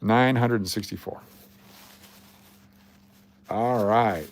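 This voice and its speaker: A man's voice: on the low side, takes it slowly, a little hiss or hum. A man hosting a casual livestream, talking to his chat in a blunt, joking, rambling way. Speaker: livestream host.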